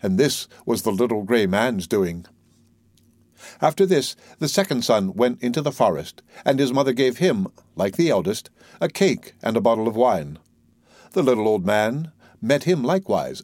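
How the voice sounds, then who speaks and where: A man reads a classic fairy tale aloud in a measured, even storybook manner. His voice sits at an ordinary pitch, and the recording is dry and close, with no room sound. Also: no echo. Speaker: narrator. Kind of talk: storybook reading.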